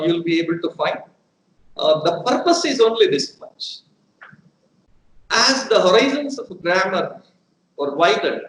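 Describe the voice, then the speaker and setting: Slow, high-voiced teacher. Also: male voice, a bit bright. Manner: deliberate, repeats examples for emphasis. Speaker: English teacher. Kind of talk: live educational lecture. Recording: roomy echo with faint room hum.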